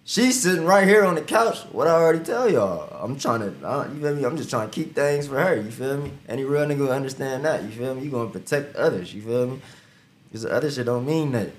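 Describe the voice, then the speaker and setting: A man's voice: medium pitch, animated, fast talker. A young man from Ohio telling a story in casual street slang, often saying "you feel me". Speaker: guest, upcoming rapper.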